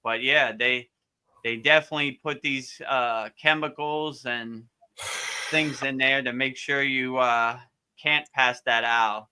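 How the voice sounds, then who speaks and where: A man speaking as a spiritual teacher hands out casual advice in a live Q&A, easygoing, repetitive, and full of fillers. He talks slowly in a medium-pitched, bright, forceful, clean voice with fairly even intonation.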